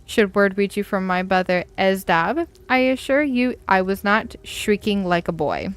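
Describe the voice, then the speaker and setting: Slow, grand-speaking male fantasy-game warrior read by a woman, full of bravado. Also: medium pitch, animated, clear, resonant tone, close to an everyday voice. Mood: grandiose. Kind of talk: reading a game letter aloud.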